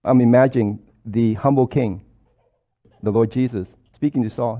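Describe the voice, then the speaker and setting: A man's voice: mid-range voice, fairly even intonation, normal speed, mellow. A man preaching a sermon, explaining scripture in an earnest, explanatory way and quoting verses.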